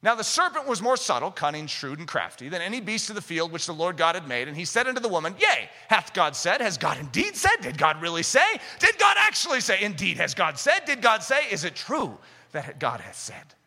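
Fervent high-voiced male preacher. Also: very animated, a little fast. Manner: fervent, rising to shouts for emphasis. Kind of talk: sermon. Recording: echoey hall reverb.

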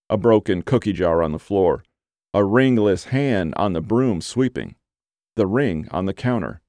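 A man with a voice on the low side tells an audiobook story in a calm, measured manner from a script. The sound is clean studio audio with no room sound.

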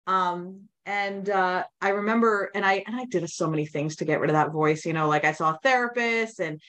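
A woman's voice: lowish voice, normal speed, fairly bright tone. A woman guest on a podcast, telling her personal story in a candid, rambling way, full of restarts and quoted inner thoughts.

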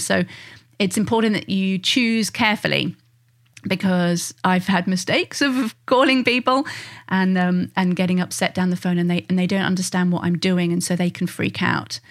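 A woman, a parenting coach talking earnestly and reassuringly to parents, acting out the quotes she gives. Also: on the low side. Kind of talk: direct-to-listener parenting advice.

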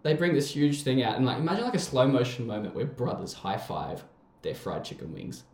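A man's voice: medium pitch, sing-song, brisk, a little mellow, roomy sound. A young Australian man with an Australian accent, telling rambling stories in casual chat, swearing and laughing often.

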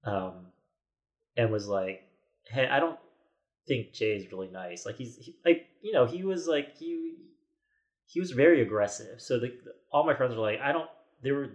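A man's voice: medium pitch, expressive, moderate pace, darkish tone. A man in his forties, a podcast guest, telling a story in casual chat with many restarts and quoted asides.

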